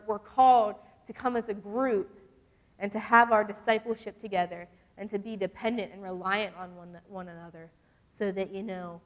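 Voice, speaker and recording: A young woman gives a casual, animated devotional talk to a youth group. She often acts out the voices she quotes. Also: medium pitch. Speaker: youth speaker. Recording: long reverb from a large hall.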